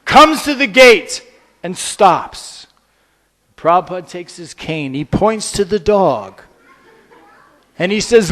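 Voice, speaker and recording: A man giving a humorous storytelling lecture, playful and animated, drawing the audience in. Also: sits high, slow pace, pauses often.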